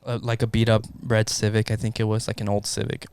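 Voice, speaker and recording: A man in a casual podcast chat, telling a story in an animated way and swearing constantly. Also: on the low side, fast talker, smooth, no room sound. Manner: animated, swears constantly, acts out his own panic. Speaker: podcast co-host.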